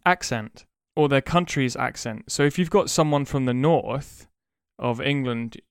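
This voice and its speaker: A slow, deliberate man co-hosting a casual podcast, explaining a point with frequent ums. His voice is very smooth and clear. The recording is dry and close, with no room sound. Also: mid-range voice, dry recording. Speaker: podcast co-host. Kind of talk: casual chat.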